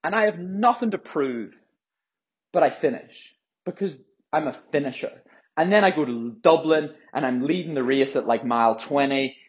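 A man's voice: on the high side, moderate pace, husky. A young man hosting a solo podcast, worked up and rambling with frequent swearing and restarts. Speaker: podcast host, runner. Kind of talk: casual solo podcast monologue. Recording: dull lo-fi audio.

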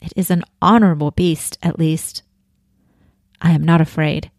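A woman's voice: low voice, steady tone, moderate pace, a little mellow, no room sound, clean studio sound. A woman reading aloud as a headstrong, determined young woman of eighteen in a storybook passage. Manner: read-aloud storybook narration, first person.

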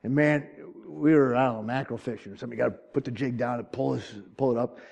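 A man preaching a sermon in an earnest way, pleading loudly at times and then dropping to a hushed, choked-up voice. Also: mid-range voice, steady tone, fast talker, creaky. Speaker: pastor.

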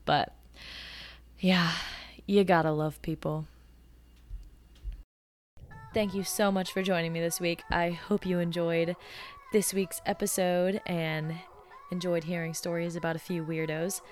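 A woman in her twenties hosting a podcast, telling stories in a casual, animated way and acting out the quotes. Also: on the low side, measured pace, pauses often. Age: 20s. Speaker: podcast host. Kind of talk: casual storytelling.

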